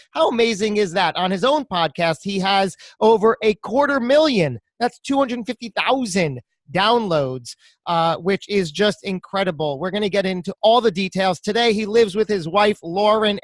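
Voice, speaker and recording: Enthusiastic male interviewer, high pitch, effusive delivery. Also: no echo, studio quality. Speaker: podcast host. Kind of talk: interview hosting.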